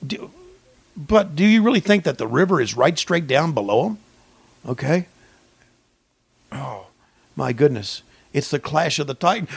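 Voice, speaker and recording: A man with a gravelly, fry-edged voice riffs through a profane mock play-by-play on a podcast. He drops to low mumbles, then jumps to yelling excitement. The sound is close and dry, with little room. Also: measured pace, long pauses, no echo. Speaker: podcast co-host.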